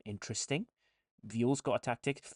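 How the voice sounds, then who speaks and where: A man's voice: mid-range voice, normal speed, breathy edge, no echo, clean studio sound. Chatty man hosting a live stream. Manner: reads viewer chat comments aloud and responds; chatty, with frequent restarts. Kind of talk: casual live stream chat.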